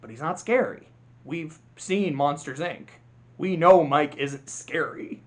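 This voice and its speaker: A man's voice: fairly high pitch, slow. A man giving a casual spoken review of films, rambling, cutting himself off and laughing often. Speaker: video creator. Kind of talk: casual film review monologue.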